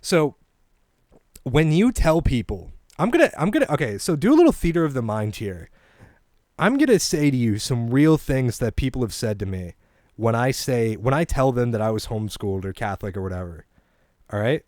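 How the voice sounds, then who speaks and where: A man's voice: medium pitch, very animated, moderate pace, darkish tone, dry recording, clean studio sound. A young man hosting a comedy podcast, talking casually in a meandering way and chuckling at his own jokes. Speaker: podcast host. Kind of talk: rambling comedy podcast monologue.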